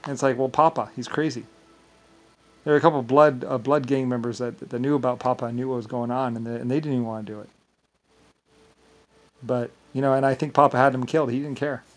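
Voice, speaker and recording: A man's voice: medium pitch, steady tone, quick pace, long pauses, soft background music, poor audio. A man talking in a casual, rambling monologue, often stumbling and repeating words as he restarts his sentences.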